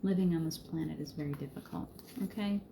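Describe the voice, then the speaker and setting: A middle-aged woman with a lowish, mellow voice leads a live spiritual card reading. She talks in a soothing, reassuring way, laughs easily and greets her viewers by name. A faint hiss sits under her voice. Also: fast, vocal fry. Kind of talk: gentle encouraging spiritual talk to live viewers.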